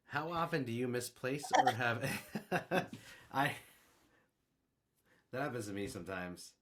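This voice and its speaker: A young man chatting on a podcast with a very lively, swooping delivery. He rambles through stories and jokes as he reads quiz questions aloud. His pitch sits in an ordinary middle range for a man. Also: measured pace. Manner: rambling, joking storyteller with lively swings in pitch. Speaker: podcast co-host. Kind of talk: casual chat.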